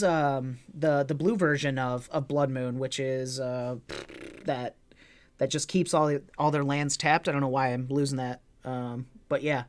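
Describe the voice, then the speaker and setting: A man casually commenting on his own online card game as a streamer, joking with chat and swearing freely. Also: on the high side.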